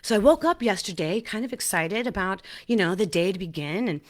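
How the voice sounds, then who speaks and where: A woman hosting her own podcast in a casual, animated solo talk, laughing at herself and often restarting her sentences. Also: mid-range voice, fairly quick. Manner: excited restarts and repeated words. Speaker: podcast host.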